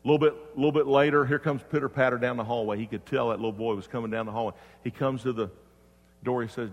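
A male pastor delivering a sermon in a mid-range voice. He swings between loud emphatic preaching and soft, hushed storytelling. His voice rings out with a long reverb in a church hall. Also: medium pitch, fairly even intonation, quick pace, dull audio.

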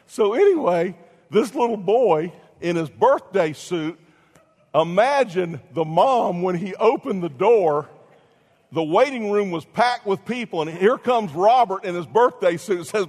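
A pastor preaching a sermon, telling a story with lively swings between loud and hushed delivery. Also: male voice, a little high, measured pace, long reverb tail.

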